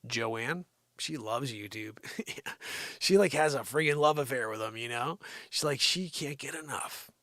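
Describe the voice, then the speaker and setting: A man hosting a live comedy stream, rambling and teasing an unseen sidekick with a steady stream of "you know.". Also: medium pitch, measured pace, no room sound, studio quality. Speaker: livestream comedy host. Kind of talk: improvised comedic rant.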